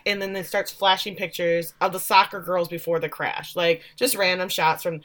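A woman co-hosting a podcast, recapping a TV episode in casual chat and quoting the characters with animated voices. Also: medium pitch, moderate pace.

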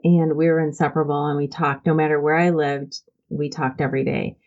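A woman with a notably low voice speaks as an interview guest, earnest and heartfelt, often pausing on "um" and restarting her sentences. The recording sounds dull and lo-fi. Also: level tone, darkish tone. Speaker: interview guest, church volunteer program founder. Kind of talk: conversational interview storytelling.

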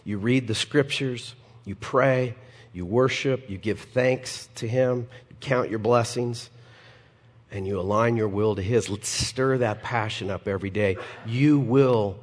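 A male pastor preaching a sermon, animated and personal, with humorous asides and acted-out quotes. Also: mid-range voice, measured pace, in a large hall.

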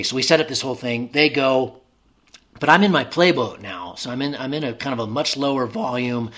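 A man's voice: medium pitch, fairly bright tone. Rambling man telling a story. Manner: rambling, many fillers and restarts. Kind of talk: casual storytelling.

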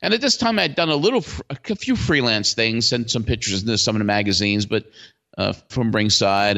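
A man in his sixties, a guest in an interview, telling stories in a lively way with many fillers and restarts. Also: fairly low pitch, gravelly. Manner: animated storyteller, full of fillers and restarts. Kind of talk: casual storytelling interview. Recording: dull lo-fi sound.

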